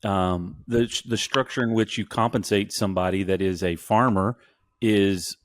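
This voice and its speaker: A man with a lowish voice speaks on a business podcast, close on a studio mic in a dry room. He works through his points slowly and deliberately, stopping and restarting sentences as he goes. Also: steady tone, no room sound. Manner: measured, halting, restarts sentences. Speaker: podcast co-host. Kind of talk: casual business chat.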